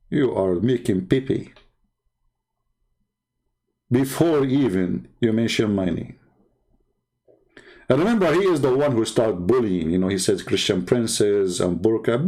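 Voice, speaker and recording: A man with a fairly high, somewhat mellow, tinged voice hosts online debates. Here he delivers a mocking monologue, taunting and sarcastic, repeating words for emphasis.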